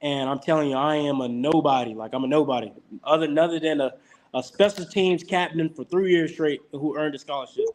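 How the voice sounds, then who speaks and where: Young college football guy on a podcast, acts out all the quotes, higher voice. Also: fairly quick. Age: young adult. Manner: animated storyteller who acts out quotes. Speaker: college football player guest. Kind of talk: casual storytelling interview.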